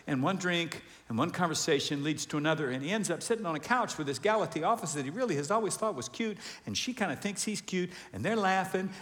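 Man, pastor, animated sermon, very lively pitch, echoing hall. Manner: animated, acts out quoted voices. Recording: reverberant hall.

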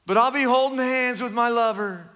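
A man's voice: extremely high pitch, normal speed, sharp tone, big-room sound, pitched above the performer's own voice. A man voicing a carefree male sinner who shrugs off hell in a breezy, mock-nonchalant way. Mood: flippant.

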